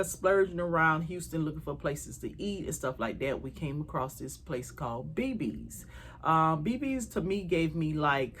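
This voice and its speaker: A woman telling a travel story to her viewers in a casual, animated way, swearing freely. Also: deep voice, slight background noise.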